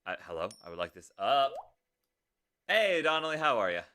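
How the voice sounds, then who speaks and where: A man's voice: medium pitch, sing-song, moderate pace, pushed and bright, smooth. A man live-streaming, talking casually to himself and his chat as he works out drum parts, humming rhythms under his breath. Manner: mutters to himself, hums drum rhythms, reads chat aloud. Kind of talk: casual live-stream talk while composing music.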